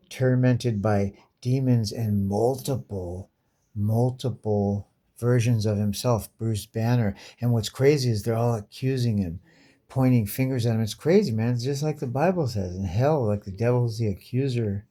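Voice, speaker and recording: Laid-back male comic reviewer, dark mellow timbre, swears freely and reacts with disbelief. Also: mid-range voice. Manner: profane, slangy, incredulous riffing. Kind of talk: casual comic commentary.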